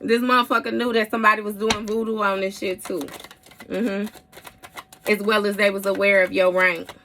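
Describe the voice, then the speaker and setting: A woman's voice: mid-range voice, creaky, bright, forceful tone, a little hiss or hum. Woman, tarot reader, casual reading, blunt, profane, frequent mm-hmms.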